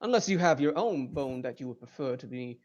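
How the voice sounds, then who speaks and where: A man's voice: medium pitch, lively intonation, a little fast, highs cut off, background noise, close to an everyday voice. A man voicing a friendly male lizardfolk craftsman who speaks in an amiable, drawling way. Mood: amused.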